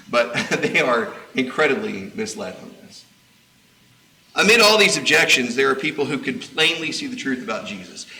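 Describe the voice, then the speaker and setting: Bright-voiced male preacher in an echoey church. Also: mid-range voice, a little hiss or hum. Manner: conversational, explaining scripture with casual asides. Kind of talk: sermon. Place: church auditorium.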